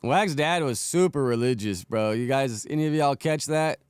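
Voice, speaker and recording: A man's voice: mid-range voice, expressive, moderate pace, clean tone, dry recording, clean studio sound. A man hosting a podcast, giving easygoing, wandering commentary. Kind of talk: casual podcast chat.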